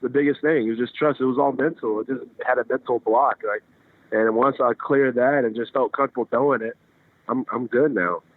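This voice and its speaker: A man's voice: mid-range voice, fairly even intonation, a little fast, dry recording. A young man in his twenties talks over a tinny phone line with a dry, close sound. He answers in an easygoing way and often loops back to restart his phrases. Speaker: guest baseball pitcher. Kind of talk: casual interview answers. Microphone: phone call.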